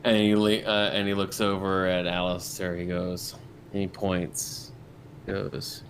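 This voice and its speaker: A man's voice: low-pitched, monotone, measured pace, a little hiss or hum. A man narrating as game master in a casual, rambling way, full of fillers.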